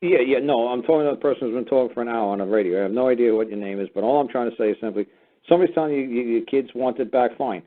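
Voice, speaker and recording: Male call-in host: brusque, swearing lecturer, talks quickly, tinny phone-line quality. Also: mid-range voice. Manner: blunt, profane and lecturing. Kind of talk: call-in radio talk. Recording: phone-like narrow sound.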